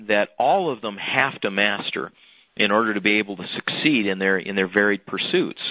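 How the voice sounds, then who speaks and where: A man, a guest, explaining ideas in a measured, earnest way over dull lo-fi audio. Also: fairly low pitch, no room sound. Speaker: business author, guest. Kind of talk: interview answer. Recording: dull dry lo-fi remote audio.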